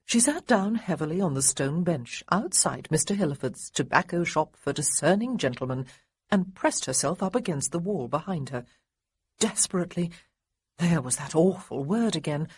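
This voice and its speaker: Woman audiobook narrator, husky, lively and wry, dry studio sound. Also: low-pitched, moderate pace, no echo. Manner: expressive, wry storytelling. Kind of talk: scripted narration.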